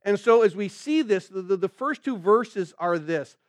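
A man with a high voice preaches an earnest sermon, working through scripture verse by verse. He keeps asking the congregation questions and answering them himself. The sound is close and dry, with no room echo. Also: lively intonation, normal speed. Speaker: pastor. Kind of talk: sermon, verse-by-verse Bible teaching.

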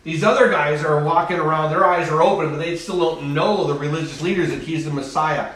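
Echoey preacher man, slightly high. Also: brisk, a bit bright. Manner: emphatic, repeats phrases, acts out voices. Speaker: pastor. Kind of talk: sermon. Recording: echoey room, far from mic.

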